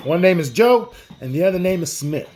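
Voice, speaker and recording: A man's voice: high voice, expressive, a little fast, a little mellow, a little hiss or hum. A man improvising a made-up story in a loose, rambling, slangy way, full of "like" and "dude". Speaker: storyteller host.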